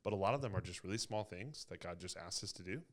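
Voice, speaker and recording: A man's voice: low-pitched, quick pace. A man leading a youth ministry talk, casually retelling a Bible story and acting out the quotes. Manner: animated storyteller, acts out quotes. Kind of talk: casual Bible teaching chat.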